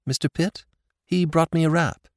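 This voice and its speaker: A man voicing a gentle, frightened young woman in a storybook reading, speaking softly and pleadingly. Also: fairly high pitch, fairly even intonation, moderate pace, dry recording, clean studio sound, pitched above the performer's own voice, natural voice. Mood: upset.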